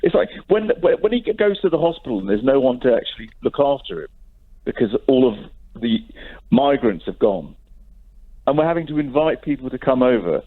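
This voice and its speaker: A man's voice: medium pitch, sing-song, a little fast. Ranting male caller on a tinny phone line. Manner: ranting, despairing, rambling. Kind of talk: phone-in call.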